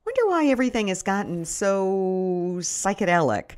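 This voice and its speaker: A middle-aged woman narrates her own story in a wry, deadpan way. Her pitch moves in a lively way through each line. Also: normal speed. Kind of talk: first-person memoir reading.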